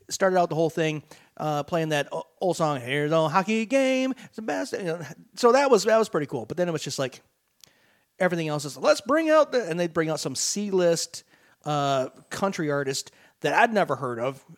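A man co-hosting a sports talk radio show, ranting animatedly in casual chat with frequent restarts. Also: a little high. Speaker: radio co-host.

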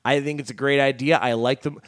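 A man hosting a sports talk radio show, bantering in a relaxed, agreeable way. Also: medium pitch, fairly quick, no room sound, clean studio sound. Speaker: radio host.

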